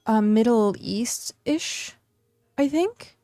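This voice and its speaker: A woman's voice: fairly high pitch, animated, very slow, warm tone, dry recording, studio quality. A woman streamer from the United States chatting casually while she plays, rambling with lots of fillers and restarts. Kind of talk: casual chat while gaming.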